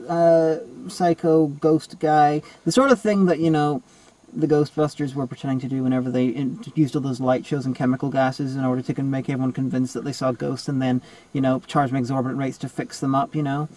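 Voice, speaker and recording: A man's voice: medium pitch, steady tone, a little fast, dark tone, poor audio. A man in a casual film review chat, rambling and digressive, full of "you know" and "like".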